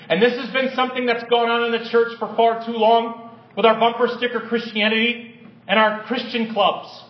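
A male pastor preaching a sermon with impassioned swings from loud declarations to hushed prayer, in a church sanctuary. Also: very high-pitched, flat delivery, normal speed. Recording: echoey distant room, dull lo-fi sound.

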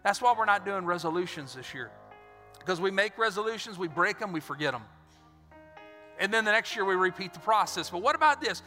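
A man preaching a sermon as pastor, energetic and animated, acting out little scenes. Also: sits high, a little fast. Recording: reverberant hall with faint music.

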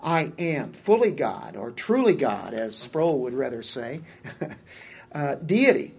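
A man's voice: medium pitch, sing-song, slow, creaky, darkish tone, slight background noise. A man preaching a verse-by-verse sermon in a conversational way, with many fillers and repeated words.

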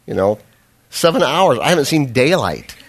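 A man's voice: medium pitch, big pitch swings, moderate pace, a little hiss or hum. A man preaching a sermon as a pastor, telling a self-deprecating personal story with humor, then pressing his point with earnest, fervent emphasis.

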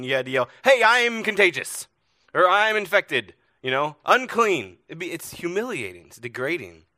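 A man delivers a sermon from a church stage with a bright, forceful tone. He tells stories and asks earnest rhetorical questions, swinging between loud emphasis and hushed moments. The sound is close and dry. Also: mid-range voice, no room sound. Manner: earnest storytelling, rhetorical questions, varied loudness. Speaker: pastor.

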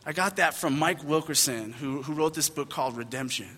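A young adult man, a pastor, giving a sermon with animated storytelling and self-deprecating asides, in a large church hall. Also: on the high side, brisk. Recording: hall reverb.

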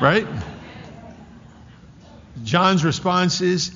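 A man preaching a sermon with a gravelly, somewhat high-pitched voice. He draws out his phrases slowly, then pushes hard for emphasis. The sound is a little muffled and rings out through a large hall. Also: fairly even intonation, fairly bright tone. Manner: emphatic, drawn-out phrasing with sudden surges of intensity. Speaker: pastor. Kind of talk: expository sermon. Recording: muffled hall with long reverb.

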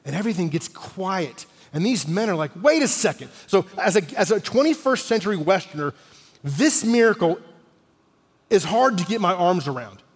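A man in his forties preaching with a fairly high voice, telling the story animatedly and sometimes sinking almost to a whisper for weight. His words ring out with a long reverb that carries through a large hall. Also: normal speed. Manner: animated storyteller, drops to a near-whisper for emphasis. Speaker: pastor. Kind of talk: sermon storytelling.

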